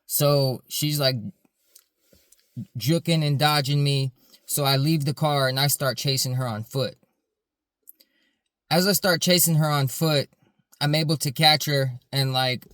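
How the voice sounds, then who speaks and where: A man's voice: mid-range voice, a bit bright, clear, resonant tone, no room sound, studio quality. A man, a security supervisor, earnestly telling a story in a casual, rambling way, full of fillers.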